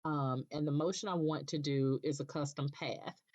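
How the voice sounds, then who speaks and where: A woman presenting a screen-recorded software tutorial, explaining patiently step by step and checking in with "okay", with an occasional cough. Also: sits low, steady tone, normal speed. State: coughing now and then. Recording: dull lo-fi recording.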